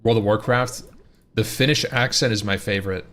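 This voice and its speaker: A man's voice: lowish voice, fairly even intonation, brisk, a bit bright, slight background noise. A man streaming live, chatting casually and rambling with his viewers, often repeating and restarting his words.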